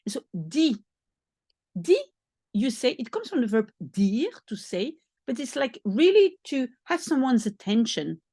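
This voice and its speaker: A woman's voice: fairly high pitch, very animated, unhurried, dark tone, no room sound. A woman from Belgium, a native Dutch speaker with a Belgian accent, patiently teaching beginner French and repeating phrases as she thinks aloud. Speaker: language teacher.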